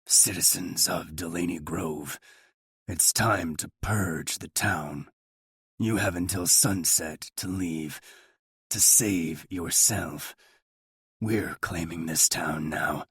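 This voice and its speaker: A man voicing a menacing cloaked broadcaster in an audiobook, speaking in a creepy, slow, low voice. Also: fairly bright tone, husky, no room sound, studio quality, exaggerated voice. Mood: ominous. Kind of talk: audiobook narration.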